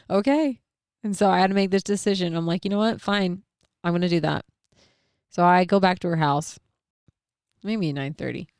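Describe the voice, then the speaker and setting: Woman, middle-aged, casual storyteller. Smooth, lowish voice, dry close recording. Animated, acts out her thoughts, swears freely. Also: no echo.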